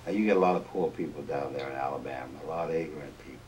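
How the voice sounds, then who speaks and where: A man's voice: very deep voice, very fast, a little mellow, distant mic, slight background noise. A man imitating an older Southern president with a drawling, blunt and folksy manner. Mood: persuasive.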